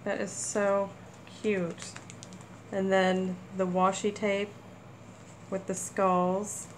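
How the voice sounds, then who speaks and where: A woman hosting a casual crafting haul video, gushing with excitement over small items. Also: medium pitch, very slow, a little hiss or hum, poor audio. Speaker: crafting channel host. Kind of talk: casual haul chat to camera.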